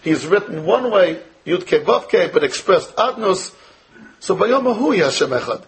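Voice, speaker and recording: An American rabbi leads a Torah lecture, peppering his students with rhetorical questions and working in Hebrew and Yiddish terms. His voice sits high and is expressive, a little slow, and the recording is rough.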